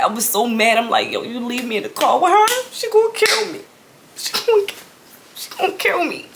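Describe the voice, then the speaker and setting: A woman's voice: lowish voice, a little hiss or hum. A young woman vlogger telling a casual storytime, chatty and full of slang, building to exasperated outbursts. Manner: animated and conversational, with slang, rising into exasperated outbursts. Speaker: vlog host.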